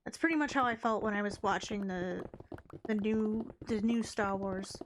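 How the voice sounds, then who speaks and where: A woman's voice: medium pitch, moderate pace, a little hiss or hum. A woman live streamer chatting casually and rambling as she plays a game, often breaking off mid-sentence. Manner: rambling, chatty, self-interrupting. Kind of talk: casual chat while playing a game.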